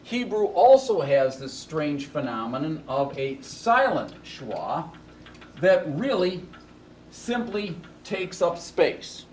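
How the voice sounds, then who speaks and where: A man teaching a Hebrew grammar lesson in a recorded lecture, speaking haltingly with many ums and restarts. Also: fairly high pitch, sing-song, darkish tone. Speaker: Hebrew instructor.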